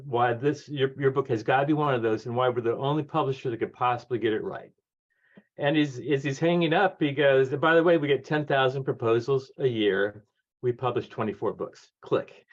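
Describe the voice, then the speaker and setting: Older man telling lively anecdotes, muffled. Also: medium pitch. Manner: lively anecdotes, acts out quoted voices, laughs often. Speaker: guest author. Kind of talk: conversational storytelling. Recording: dull lo-fi audio.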